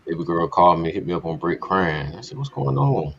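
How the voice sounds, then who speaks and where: A man's voice: low voice, animated, a little fast, creaky, a bit bright, breathy edge. A man casually telling a candid personal story on a podcast, speaking bluntly with plenty of profanity. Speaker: podcast co-host. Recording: dull lo-fi podcast audio.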